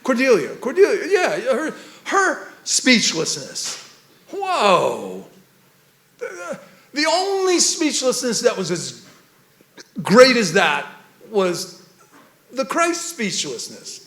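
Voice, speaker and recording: A man giving an animated, rambling talk about poetry, laughing often as he goes. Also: extremely high pitch, slow pace, roomy sound.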